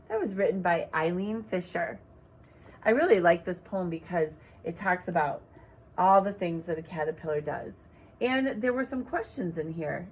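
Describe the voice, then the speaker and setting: A woman teacher giving an online reading lesson to young children, speaking in a clear, sing-song way and spelling words out letter by letter. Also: on the low side, lively intonation, moderate pace.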